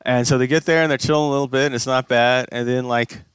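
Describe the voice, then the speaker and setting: A man's voice: medium pitch, steady tone, quick pace, fairly bright tone, clean tone, no room sound, clean studio sound. A young man co-hosting a casual comedy podcast, rambling through a story with plenty of fillers and casual swearing. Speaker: podcast co-host.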